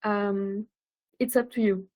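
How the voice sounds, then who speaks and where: A woman's voice: medium pitch, steady tone, slow, a little mellow, rough recording. A woman hosting a live online session, chatting casually and helpfully guiding her guest, using fillers like "um" and "like", over a video call. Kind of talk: casual pre-show chat.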